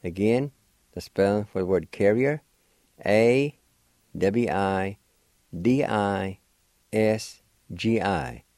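A man hosting a radio language lesson, slowly spelling out words letter by letter and repeating them patiently. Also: lowish voice, darkish tone, dry recording. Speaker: language teacher and radio host. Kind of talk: slow word-by-word language lesson. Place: radio studio.

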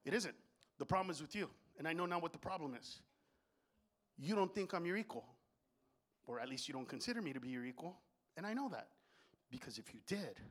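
Man, stand-up comic, high voice, brash, profane, swings from yelling to muttering. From Honduras. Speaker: stand-up comedian. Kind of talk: stand-up comedy set. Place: comedy stage before a live audience.

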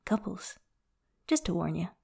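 A woman voicing a playful, tender young man who speaks in soft, half-whispered tones. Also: lowish voice, very animated, unhurried, vocal fry, breathy edge, heavily acted. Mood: soft teasing.

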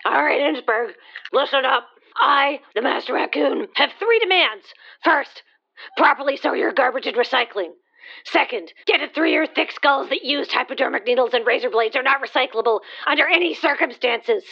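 Woman doing a gravelly, high-pitched masked vigilante, grandiose and scolding, slightly lo-fi sound. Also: normal speed. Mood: menacing. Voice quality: gravelly, strained throat voice. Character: gravelly menacing female vigilante, the Masked Raccoon. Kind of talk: comedic radio play acting.

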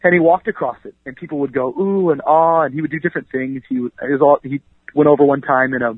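Fast-talking preacher man on a phone line. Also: mid-range voice, slightly rough, dry recording. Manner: energetic, preachy, says 'you know what I mean' often. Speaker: pastor and author, interview guest. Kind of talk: conversational radio interview. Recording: dry, tinny phone line.

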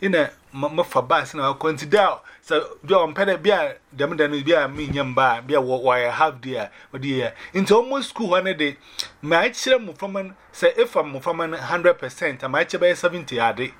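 A man sharing a personal faith testimony, telling it in an animated way and dropping in English phrases. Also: fairly high pitch, brisk.

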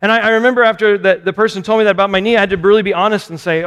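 Rapid-fire and high-pitched, this pastor speaks with fairly even intonation and a clean, slightly bright tone. He keeps his sermon conversational, teases himself, and asks listeners rhetorical questions, all under the long reverb of a large hall.

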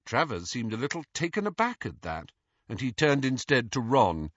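A man narrating an audiobook in an expressive, animated reading style. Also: medium pitch, moderate pace, no room sound, lo-fi sound. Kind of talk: scripted narration.

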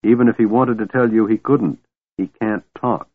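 A man's voice: lowish voice, expressive, fairly quick, no room sound, phone-quality sound. A man doing a stern, big plainsman. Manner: stern, firm.

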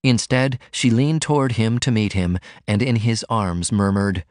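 A man narrating a novel aloud in an expressive, scripted reading. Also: lowish voice, unhurried, hardly any pauses, no room sound, clean studio sound. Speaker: audiobook narrator.

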